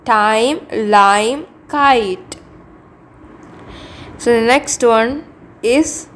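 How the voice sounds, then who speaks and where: A woman with an Indian English accent teaching pronunciation, saying example words slowly and repeating them, with many fillers. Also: a little high, a bit bright. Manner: slow, deliberate, repeats each word, many fillers. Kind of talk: slow phonetics lesson with example words.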